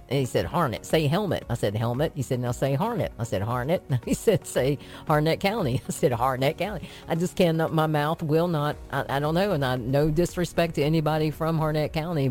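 Woman, radio host, chatty, rambling, low voice. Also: a little mellow. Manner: chatty, rambling, self-amused. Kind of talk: casual radio chat.

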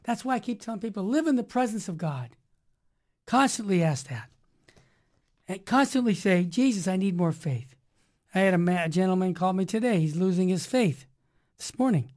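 A woman's voice: medium pitch, normal speed, long pauses. Emphatic preachy radio host woman. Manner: emphatic, preachy, energetic, swinging loud and soft. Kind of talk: Catholic talk radio monologue.

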